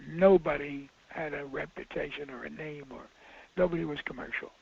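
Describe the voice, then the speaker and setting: A man's voice: a little high, fairly even intonation, moderate pace, vocal fry, darkish tone, breathy edge, dry recording. An older man, a film director and guest, telling rambling anecdotes with restarts and emphatic bursts. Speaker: filmmaker guest. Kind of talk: casual anecdote. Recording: lo-fi audio.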